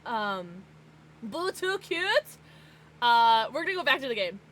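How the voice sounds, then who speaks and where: An American woman livestreaming, chatting casually with her viewers in an excitable, bubbly way. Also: on the high side, a little slow, slight background noise. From United States. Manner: excitable, bubbly, gasps and laughs often.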